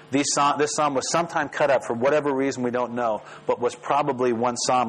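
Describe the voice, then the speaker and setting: A man preaching a sermon as pastor, lively and rising sharply in pitch when he voices the prayers. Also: poor audio. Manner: animated, rises sharply when voicing prayers. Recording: faint mains hum.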